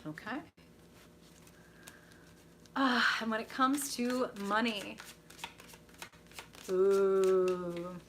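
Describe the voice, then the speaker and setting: A woman's voice: medium pitch, extremely slow, long pauses, a little hiss or hum. A young woman hosting a live tarot reading stream, gushing and enthusiastic as she reacts to viewers. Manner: bubbly, gushing, reacts to chat with excited squeals.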